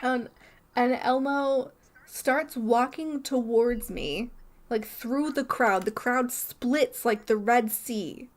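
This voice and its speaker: A woman's voice: a little high, takes it slowly. A young woman co-hosting a podcast, telling a story in a rambling, casual way full of "like" and restarts. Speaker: podcast co-host.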